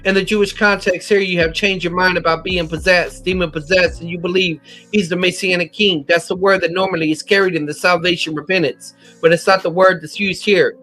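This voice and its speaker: A man's voice: high-pitched, steady tone, brisk, sharp tone, soft background music. An American man teaching a methodical Bible lesson, citing chapter and verse with occasional slips. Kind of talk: scripture lesson.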